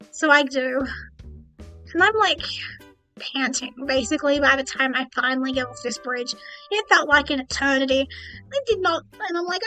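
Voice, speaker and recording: High, bright-voiced woman streamer. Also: fairly quick, faint music behind, poor audio. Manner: rambling, replays her own thoughts as quoted asides. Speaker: VTuber streamer. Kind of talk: casual storytelling stream.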